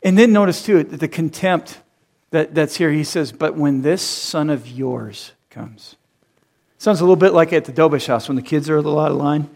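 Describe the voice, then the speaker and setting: A man's voice: fairly high pitch, fast talker, gravelly, darkish tone. A man in his thirties preaching a sermon, who acts out quoted voices and laughs at his own jokes. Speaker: pastor.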